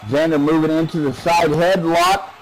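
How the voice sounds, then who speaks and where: A man doing play-by-play wrestling commentary, excitable and joking, his voice climbing during the action. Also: a little high, moderate pace, some chatter behind, a little hiss or hum, rough recording.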